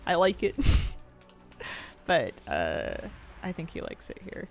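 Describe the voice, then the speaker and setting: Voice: mid-range voice, huge pitch swings, takes it slowly, gravelly. A game streamer chatting casually while playing, reading viewer questions aloud and laughing often. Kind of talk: casual chat while gaming, answering chat. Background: faint game music.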